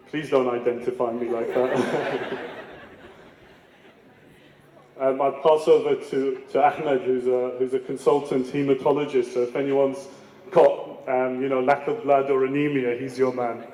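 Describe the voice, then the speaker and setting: A man's voice: medium pitch, little pitch movement, moderate pace, background noise. A man, a former student, giving a light-hearted, self-deprecating anniversary speech. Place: school event hall. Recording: echoey hall, speaker far from mic.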